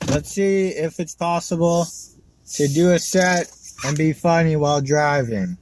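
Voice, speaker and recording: A man performs a stand-up set from behind the wheel, telling his stories in a wry, conversational way. His voice sits a little high. Loud car and road noise runs under everything he says. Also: unhurried. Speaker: stand-up comedian. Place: car, while driving. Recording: noisy car interior.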